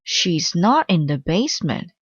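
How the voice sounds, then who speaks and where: Reassuring father for a storybook read-aloud, read by a woman; lowish, slightly dull. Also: sing-song, a little slow, husky, no echo, exaggerated voice. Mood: calm. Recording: slightly dull dry recording.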